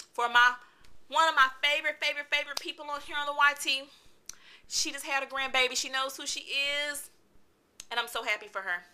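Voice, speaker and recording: Animated chatty woman, bright voice. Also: fairly high pitch. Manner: animated, chatty, vents with exclamations. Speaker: book reviewer. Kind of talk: casual vlog book review.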